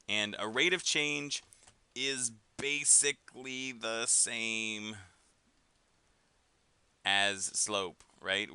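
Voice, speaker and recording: In a lowish voice that is pushed, bright, clear and resonant, a man teaches algebra in a recorded classroom lesson. His manner is casual, packed with fillers and tag questions like "right?" and "okay?", and there's no echo.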